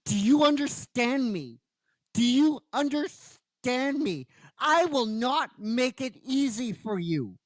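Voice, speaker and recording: A man's voice: very high-pitched, lively intonation, takes it slowly, no room sound, pitched above the performer's own voice, exaggerated voice. A man voicing a defiant young woman fighter who presses her point with firm, repeated challenges.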